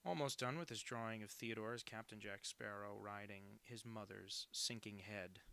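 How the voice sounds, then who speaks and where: Gravelly man rambling on a live stream. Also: fairly low pitch, normal speed, bright, forceful tone. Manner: rambling, self-deprecating, crude asides. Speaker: artist live-streaming drawings. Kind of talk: casual live stream chat.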